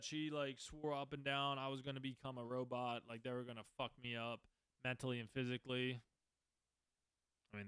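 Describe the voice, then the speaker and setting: A podcast host in his twenties tells his own story in a casual, rambling, candid, and profane way. His medium-pitched voice is fairly bright, clear, and resonant, with no echo.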